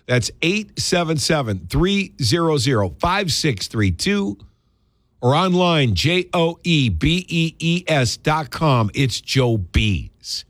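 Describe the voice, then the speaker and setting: A man's voice: a little high, big pitch swings, takes it slowly, fairly bright tone, no echo. A man hosting a radio talk show, doing folksy, emphatic live-read ads and chatting about football.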